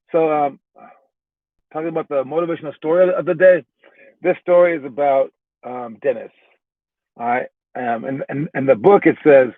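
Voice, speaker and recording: A man's voice: medium pitch, no echo. A young adult male basketball coach recapping a training session and telling a story in a casual, chatty way, with fillers and restarts. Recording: tinny phone-like sound.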